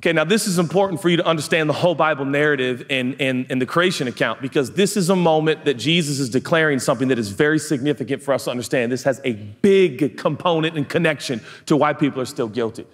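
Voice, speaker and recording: Animated male pastor in a reverberant hall. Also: fairly high pitch, fast talker, few pauses. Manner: animated storytelling, acting out voices, swings from hushed to loud. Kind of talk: sermon.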